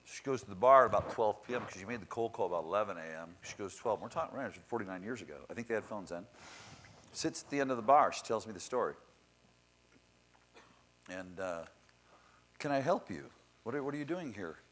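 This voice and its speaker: Man, very low voice, blunt and profane motivational storyteller, faint hiss behind. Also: animated, brisk, a bit bright, poor audio. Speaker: speaker introducing the next speaker. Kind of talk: motivational talk to an audience.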